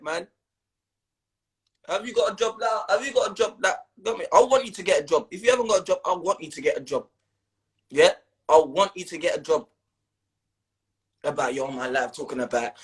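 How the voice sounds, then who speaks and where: Ranting young man, echoey room. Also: fairly high pitch. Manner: repetitive, slangy, ranting at viewers. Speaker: livestream host. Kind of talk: casual livestream rant.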